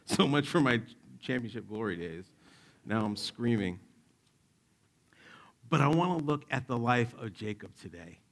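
A man in his forties preaching a sermon, telling stories in an animated, joking way and acting out the quotes. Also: mid-range voice, a little slow, vocal fry, pauses often. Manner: animated, jokey, acts out quotes. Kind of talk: sermon with personal storytelling.

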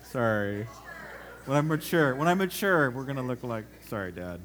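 A man's voice: mid-range voice, moderate pace. A middle-aged man preaching a conversational sermon in a church hall, telling family stories and laughing often. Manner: animated storyteller, acts out voices, laughs often. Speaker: pastor.

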